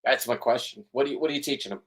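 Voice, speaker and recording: A man's voice: mid-range voice, very fast, a bit bright. Middle-aged male boat captain, vlog monologue; heated and profane, repeats and restarts. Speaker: spearfishing boat captain and vlogger. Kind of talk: rambling emotional monologue.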